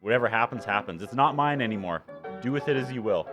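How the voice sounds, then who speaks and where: A man's voice: mid-range voice, animated, quick pace, over music. A man, an author guest on a talk podcast, joking dryly and poking fun at himself in a studio. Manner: dry, self-mocking humor. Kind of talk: casual chat. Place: radio studio.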